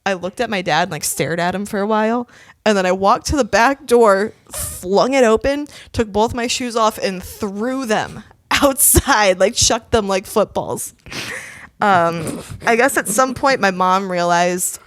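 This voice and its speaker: Young woman podcast co-host, animated storyteller, middle pitch, dry close sound. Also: unhurried, no room sound. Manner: animated, laughs often, swears freely. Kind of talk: casual storytelling.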